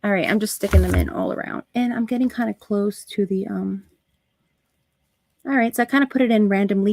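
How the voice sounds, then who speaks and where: A woman hosting a live crafting stream, chatting to her viewers as she works, with soft asides under her breath. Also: medium pitch, steady tone, brisk, no echo. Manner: talks to chat viewers while working, soft asides. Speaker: craft livestream host.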